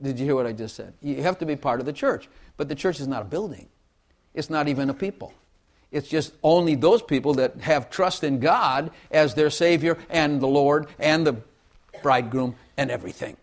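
A man's voice: fairly high pitch, moderate pace. A man preaching a sermon in a folksy way, repeating phrases and asking the congregation for amens.

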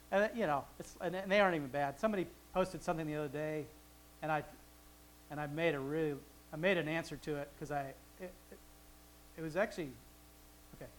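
A man's voice: on the high side, a little fast, long pauses, slight background noise, rough recording. Chuckling man teaching the Bible casually. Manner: conversational, chuckling asides, frequent restarts.

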